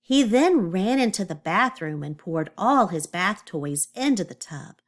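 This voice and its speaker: A woman teacher giving a read-aloud lesson to young children, encouraging them and explaining clearly. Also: mid-range voice, expressive, a little slow.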